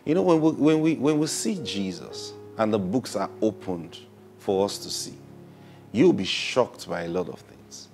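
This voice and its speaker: Low-voiced male preacher, soft to loud. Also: lively intonation, a little slow, creaky, soft background music. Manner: acts out dialogue, laughs, swings from soft to loud. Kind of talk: sermon with opening prayer.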